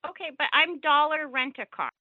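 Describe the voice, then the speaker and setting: A woman's voice: high-pitched, lively intonation, brisk, phone-quality sound. A woman working as a car rental agent on the phone, polite but stammering and confused. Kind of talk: phone customer service.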